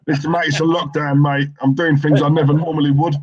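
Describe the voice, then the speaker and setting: A man's voice: a little high, flat delivery, brisk, a little mellow, husky, muffled recording. A man co-hosting a live football stream, chatting casually and joking with viewers, laughing often. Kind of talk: casual banter and viewer chat.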